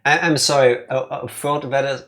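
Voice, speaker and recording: A man hosting a let's play, commenting on the game in an excitable, joking way with quick asides. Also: medium pitch. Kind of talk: casual gameplay commentary.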